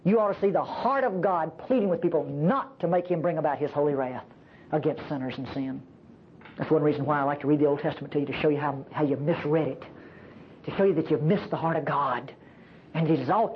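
A woman preacher giving a sermon at a church service, emphatic and animated, often asking the congregation rhetorical questions. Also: low voice, fairly quick, husky, muffled recording.

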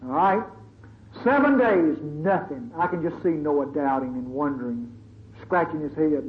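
A high-voiced man preaches a sermon, dramatic and conversational, acting out the stories as he tells them. The sound is thin and phone-like, with a faint hiss in the background. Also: lively intonation, unhurried.

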